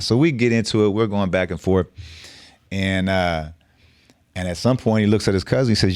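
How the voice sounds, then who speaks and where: A man's voice: sits low, brisk, darkish tone, no room sound, studio quality. A middle-aged man telling a story on a podcast, casual and profane with street slang. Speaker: podcast guest.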